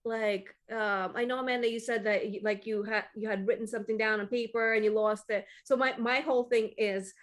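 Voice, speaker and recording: A woman's voice: a little high, steady tone, a little fast, hardly any pauses. A woman in casual group conversation, rambling with frequent restarts and fillers, swearing easily.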